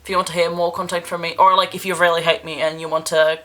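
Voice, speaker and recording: A woman's voice: fairly low pitch, flat delivery, fast, a bit bright. A young woman vlogging in a candid, rambling and self-deprecating way, emotional and close to tears. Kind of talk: casual vlog monologue.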